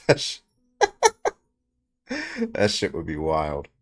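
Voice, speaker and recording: Very low-voiced man hosting a livestream. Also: big pitch swings, very slow, a bit bright, faint music behind. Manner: loose, laughing, swears casually. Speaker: livestream debate host. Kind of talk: casual livestream chat.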